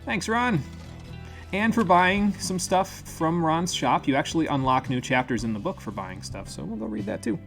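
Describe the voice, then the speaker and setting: A man's voice: on the high side, expressive, normal speed, gravelly, fairly bright tone, soft background music. Chatty man streaming a video game. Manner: chatty, thinks aloud, casual swearing. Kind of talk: live gameplay commentary.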